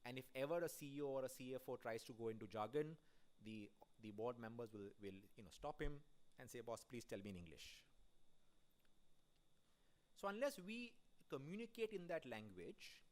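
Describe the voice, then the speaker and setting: A man's voice: medium pitch, lively intonation, moderate pace, darkish tone. A man giving a conference keynote in a conversational way, putting questions straight to the audience in the hall. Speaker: keynote speaker at an audit conference.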